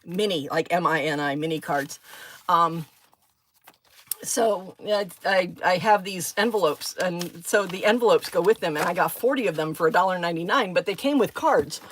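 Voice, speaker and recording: A woman's voice: fairly low pitch, moderate pace, a little hiss or hum. A woman hosting a craft live stream from home, chatting casually with viewers by name and drifting from one thought to another. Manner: rambling, easily sidetracked, talks to viewers by name.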